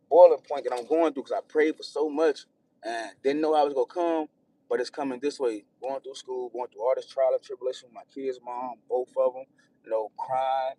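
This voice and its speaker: A man's voice: medium pitch, no room sound. Distressed man venting, far from mic. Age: adult with children. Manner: rambling, repeats himself, swings between loud outbursts and hushed near-whispers. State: distressed, near tears. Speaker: livestreamer. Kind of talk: emotional personal venting. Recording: distant mic, faint room noise.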